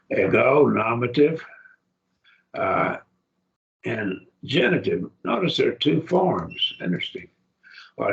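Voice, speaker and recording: A man's voice: fairly low pitch, vocal fry, highs cut off. A man teaching a Greek grammar class, explaining patiently and often checking that students follow.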